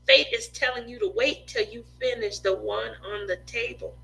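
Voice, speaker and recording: A woman's voice: on the high side, normal speed, gravelly, hardly any pauses, pushed and bright, poor audio. A woman in her forties chatting casually and openly to her viewers as a craft vlogger, rambling with lots of "you know" and "um". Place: home craft room.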